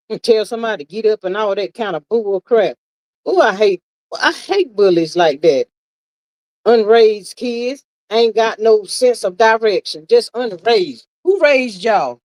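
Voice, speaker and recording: Expressive woman hosting a livestream. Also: on the high side, no room sound, rough recording. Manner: emphatic and exasperated, sighing, calls listeners "child" and "y'all". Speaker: livestream host reading viewer comments. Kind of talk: casual livestream commentary.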